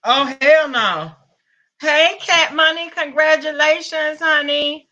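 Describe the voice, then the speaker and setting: Slow-talking high-voiced Southern woman. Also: sharp tone, muffled recording. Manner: greets viewers with pet names, Southern US slang. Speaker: livestream host. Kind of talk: casual live-stream chat.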